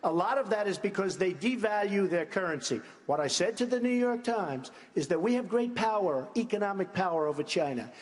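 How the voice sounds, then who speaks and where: A man's voice: sits high, expressive, brisk, few pauses, long reverb tail. Emphatic man, repetitive debate talk. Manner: emphatic, repetitive, talks over interruptions. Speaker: presidential debate candidate. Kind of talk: debate answers. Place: large debate hall.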